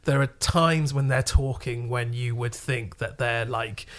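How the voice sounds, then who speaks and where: A man co-hosts a rock podcast and lays out his opinions in long, measured, winding sentences. He is steady and conversational with a middle-pitched voice, and he sometimes laughs or swears for emphasis. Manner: thoughtful, measured, rambling opinions. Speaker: podcast co-host. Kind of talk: casual chat.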